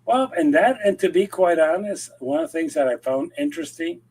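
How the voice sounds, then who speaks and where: Man telling an animated story. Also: sits high, fairly quick, creaky, breathy edge. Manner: animated storyteller acting out quoted voices, frequent restarts. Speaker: podcast co-host. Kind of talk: casual chat, storytelling.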